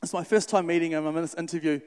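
A young man, a youth worker telling stories in a sermon, animated and conversational, acting out the dialogue. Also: on the high side, rapid-fire, smooth. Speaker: youth worker speaking to a church. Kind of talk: storytelling sermon. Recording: reverberant hall.

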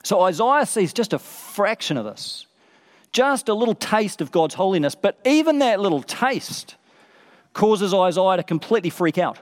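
Guy preaching, kinda high voice, big echoey hall, hammers the same phrase over and over. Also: sing-song, normal speed. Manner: emphatic, repeats phrases for effect. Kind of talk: sermon. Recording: long reverb of a large hall.

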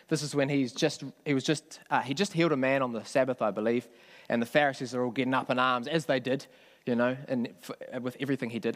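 A man preaching a sermon in a conversational way, often asking the congregation questions. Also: medium pitch. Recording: long hall reverb.

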